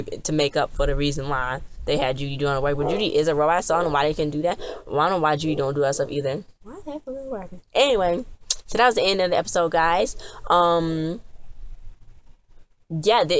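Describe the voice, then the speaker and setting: Low-voiced woman rambling through a recap. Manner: rambling, chatty retelling with many restarts. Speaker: TV episode reviewer. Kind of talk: casual episode recap.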